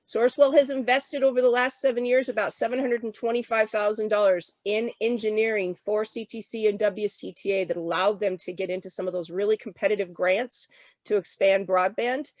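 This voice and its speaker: A woman presenting at an online economic development summit, rushing through her points in a rapid auctioneer style while sick, upbeat and enthusiastic. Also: medium pitch, fairly even intonation, dry recording. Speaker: regional development commission presenter.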